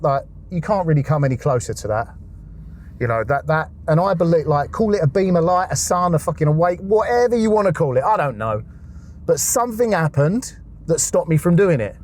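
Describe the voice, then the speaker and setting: A man's voice: a little high, darkish tone, a little hiss or hum. A man, a podcast guest, telling a raw personal story, swearing often and acting out his past thoughts.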